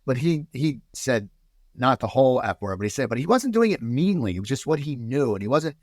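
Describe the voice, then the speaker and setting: Animated American man telling stories. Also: medium pitch, a little fast, no room sound, clean studio sound. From United States. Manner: animated storyteller, many restarts. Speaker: podcast guest. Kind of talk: casual podcast chat.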